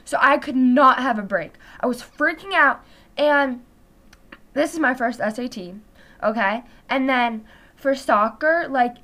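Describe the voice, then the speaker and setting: Teen girl vlogger, high bright voice, rambling casual storytime, animated. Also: unhurried. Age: teens. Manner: chatty, heavy use of "like", animated retelling.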